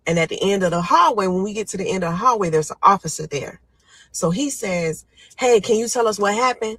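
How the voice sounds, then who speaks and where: A woman's voice: mid-range voice, brisk, fairly bright tone, husky, no echo, rough recording. A young woman recounting her own story to listeners, dramatic and vivid, acting out her panicked pleas in a raised voice. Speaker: storyteller guest. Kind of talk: emotional first-person storytelling.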